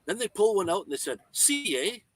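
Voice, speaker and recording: A man's voice: sits high, lively intonation, racing, slight background noise. A Canadian man in casual chat who tells corny jokes and laughs at his own lines.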